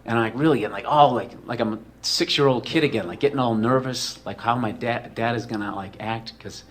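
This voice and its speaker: A man's voice: medium pitch, a little fast, a little hiss or hum. A man telling a comedic personal story in a rambling, profane way, full of "like" and "you know".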